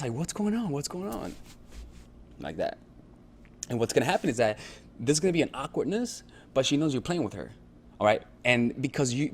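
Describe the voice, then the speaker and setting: A man coaching on dating in a casual, conversational talk, often checking in with his listener and swearing freely. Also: medium pitch. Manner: conversational, repetitive check-ins, profane.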